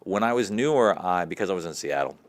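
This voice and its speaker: A man's voice: low voice, fast. A young man, a comedian from the American South with a light Southern accent, talking candidly and easily about his life. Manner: relaxed, candid storytelling. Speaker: comedian guest. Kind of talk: casual interview chat.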